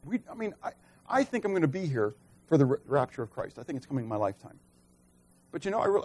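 Middle-aged male pastor, conversational sermon, fairly high voice, drops from loud emphasis to near-quiet asides. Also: big pitch swings, quick pace. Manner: swings between loud emphatic preaching and soft quiet asides; conversational, asks the congregation questions.

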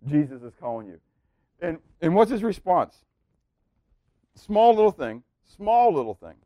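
A man preaching a sermon, asking the room rhetorical questions and swinging from hushed, quiet lines to loud, excited ones. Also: fairly high pitch, a little slow, no echo, highs cut off. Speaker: pastor.

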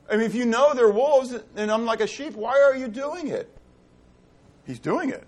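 Animated man preaching a sermon. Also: extremely high pitch, normal speed. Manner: animated preaching with rhetorical questions and repetition. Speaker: pastor.

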